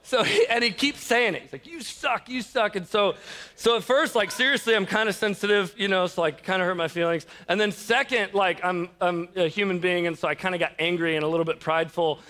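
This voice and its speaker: A young man preaching a conversational sermon, telling stories with a self-deprecating, laughing, animated delivery. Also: high-pitched, brisk. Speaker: pastor.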